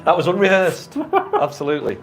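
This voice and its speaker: A man's voice: sits high, big pitch swings, a little fast. Chatty man in his fifties on radio. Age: 50s. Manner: chatty, jokey storyteller, swears freely. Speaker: radio co-host. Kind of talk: casual radio chat. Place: radio studio.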